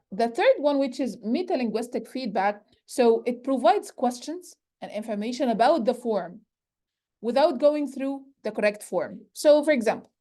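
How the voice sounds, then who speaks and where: A woman's voice: a little high, a little mellow. A woman lecturer teaching about correcting learners' errors. She explains step by step and often starts with "so". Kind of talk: recorded teacher-training lecture.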